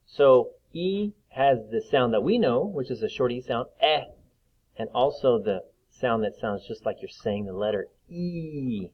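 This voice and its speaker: A man teaching young children to read, slowly sounding out letters and words with patience. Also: medium pitch, muffled recording. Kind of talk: reading lesson for young children.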